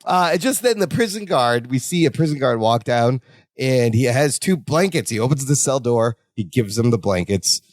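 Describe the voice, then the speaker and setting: A man's voice: medium pitch, lively intonation, moderate pace, no room sound, studio quality. A man co-hosting a podcast, playfully recapping a sitcom episode and mimicking the characters' voices. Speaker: podcast co-host. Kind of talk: casual chat recapping a sitcom.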